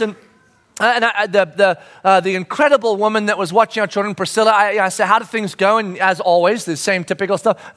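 A man's voice: high voice, fairly bright tone. A middle-aged man preaching a sermon, telling a family story with lots of energy and acting out his children's voices. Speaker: pastor.

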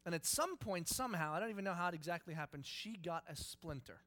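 An animated preacher in his thirties tells a story from the pulpit, swinging from quiet asides to loud acted-out lines. His speaking voice sits a little high for a man, and he laughs as he goes. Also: fast. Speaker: pastor. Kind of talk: sermon storytelling.

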